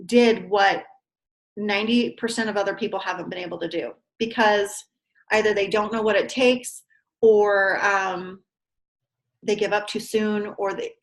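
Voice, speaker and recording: Woman running a team call, encouraging, lots of questions, mid pitch. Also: low-quality recording. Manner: encouraging, asks questions, quick asides. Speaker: team leader hosting a training call. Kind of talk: interviewing, coaching.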